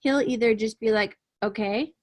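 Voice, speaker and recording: A woman's voice: a little high, moderate pace. A woman co-hosting a casual video-call Q&A as a relationship coach, speaking candidly and explaining things plainly. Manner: candid, explanatory, frank about feelings. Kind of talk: casual conversational Q&A.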